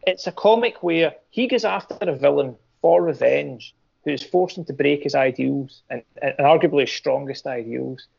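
Gravelly man, hesitant chat. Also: a little high, normal speed, a little mellow, dull audio. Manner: hesitant, many ums and restarts. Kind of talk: casual comic book podcast chat.

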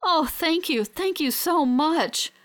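A woman narrator puts on a young woman newly woken from a long sleep in an audiobook. She speaks softly and breathily, her voice lifted well above the reader's own and pushed a touch louder. Wonder and tears run through every line. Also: sits high, sing-song, slow, pitched above the performer's own voice, exaggerated voice. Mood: overjoyed. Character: tearful joyful young woman just woken from stasis.

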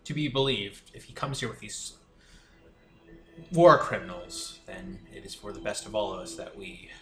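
A man playing a tabletop game, speaking in a measured, teasing way. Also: lowish voice, animated, soft background music. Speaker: player. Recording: echoey room.

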